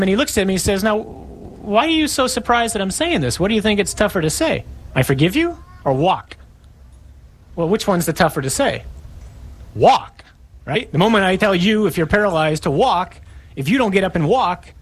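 A man's voice: fairly high pitch, breathy edge. A man preaching a sermon, acting out scripture with dramatic shifts in tone.

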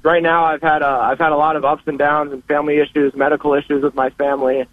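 A man's voice: fairly high pitch, level tone, fast, no room sound. Earnest young man on a phone line. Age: 20s. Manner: earnest, hesitant restarts. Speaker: caller. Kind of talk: casual call-in chat.

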